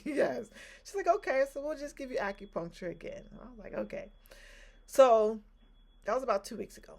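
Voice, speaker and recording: A woman's voice: on the high side, animated, brisk, creaky, a little mellow. A middle-aged woman telling a personal story in casual chat, rambling with restarts and filler words. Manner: rambling, repeats herself, many restarts and ums. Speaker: vlogger.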